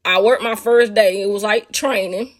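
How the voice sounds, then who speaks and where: Husky-voiced woman teaching faith, casual. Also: medium pitch, normal speed. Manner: animated, talks straight to listeners as "y'all". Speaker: speaker sharing a faith testimony. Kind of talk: casual spiritual teaching and storytelling.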